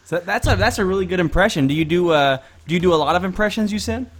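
A man's voice: sits high, quick pace. A man co-hosting a casual chat, asking questions with hesitant fillers.

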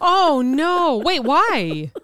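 A woman co-hosting a casual podcast, chatty and encouraging, jumping in with quick replies, tired and yawning. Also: high-pitched, sing-song, sharp tone, no room sound, clean studio sound. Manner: supportive listener, quick backchannels, chatty. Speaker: podcast co-host. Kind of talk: casual chat.

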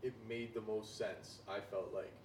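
A man co-hosting a casual podcast, quick with interjections and an easy laugh. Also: fairly low pitch, steady tone, a little mellow, distant mic. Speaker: podcast co-host. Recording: echoey, off-mic with faint room noise.

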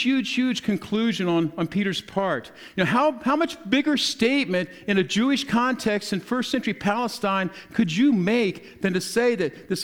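A man preaching a conversational sermon, explaining scripture in an easygoing teaching manner with frequent restarts. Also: high voice.

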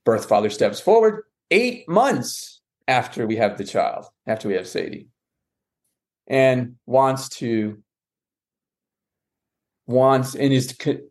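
A man, a guest on a podcast, telling a long personal story and acting out what others said, with frequent restarts and self-corrections. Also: medium pitch. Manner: lively, quotes others with "she goes" and "I said". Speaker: guest, adoptive father.

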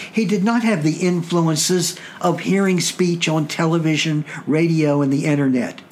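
A man with a Southern accent from Virginia talks through his podcast in a measured, deliberate way. His voice sits a little higher than most men's. A faint hum of room sound lingers behind him. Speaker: podcast host. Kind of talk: explanatory podcast talk.

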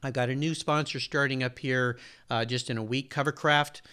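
A man's voice: medium pitch, steady tone, normal speed, sharp tone, clean tone. A man in his sixties, a podcast host being interviewed, talking earnestly and at length in a casual way. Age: 60s. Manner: earnest, detailed, talks at length.

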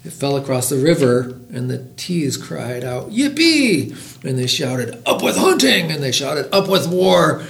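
A middle-aged man hosting a library podcast, reading a picture book aloud with lively voiced characters. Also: medium pitch, unhurried, vocal fry, hardly any pauses, reverberant.

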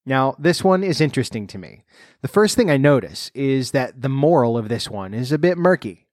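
A man reading a fairy tale aloud in measured narration, then adding wry comments of his own. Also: medium pitch, sing-song, darkish tone, no echo, studio quality. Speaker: storyteller.

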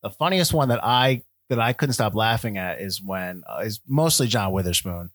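A man's voice: fairly low pitch, moderate pace, no echo. A man in his forties co-hosting a casual chat, laughing often. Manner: laughing, animated. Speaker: podcast co-host.

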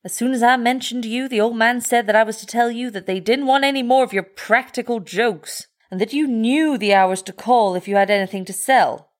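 A woman's voice: medium pitch, pitched above the performer's own voice, lightly acted. Woman doing brash young male american reporter, indignant and blustering, storybook reading.

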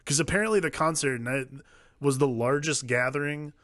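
A man's voice: a little high, moderate pace, a bit bright, no room sound, studio quality. A man co-hosting a casual film-review chat, talking in loose, rambling runs full of fillers. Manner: rambling, many fillers and restarts. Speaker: podcast co-host.

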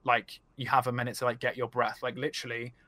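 A young man, a streamer guest on a casual podcast, telling stories in an animated way and swearing freely. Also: mid-range voice, quick pace, no echo.

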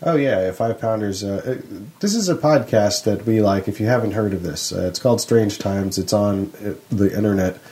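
Low-voiced, hesitant podcast co-host man. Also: moderate pace, hardly any pauses, mellow. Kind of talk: casual podcast chat.

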